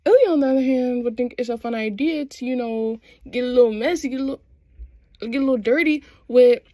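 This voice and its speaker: A woman chatting excitedly through a show recap, slangy and quick to laugh. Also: high voice, no echo. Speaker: vlogger.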